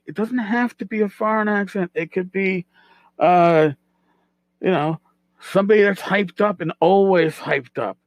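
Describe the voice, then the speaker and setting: A man's voice: high-pitched, measured pace, no room sound, rough recording. A middle-aged man hosting a casual solo podcast, rambling and self-deprecating, repeating his words as he goes. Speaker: podcast host.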